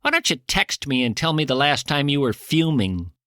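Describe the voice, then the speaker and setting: Bright, wry man hosting a comedy podcast. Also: mid-range voice, sing-song, normal speed, dry recording, clean studio sound. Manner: wry, sarcastic, theatrical. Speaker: podcast host. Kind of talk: comedic monologue.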